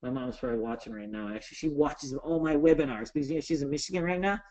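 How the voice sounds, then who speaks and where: A man in his thirties giving a casual webinar lesson on trading, animated and jokey, with some swearing. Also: fairly high pitch, fast talker. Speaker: trading instructor.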